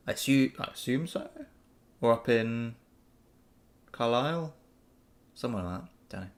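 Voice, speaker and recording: Gravelly, easygoing man. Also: medium pitch, expressive, moderate pace, long pauses. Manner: easygoing and upbeat, rambling with fillers and restarts. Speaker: channel host answering viewer questions. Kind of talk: casual live Q&A chat.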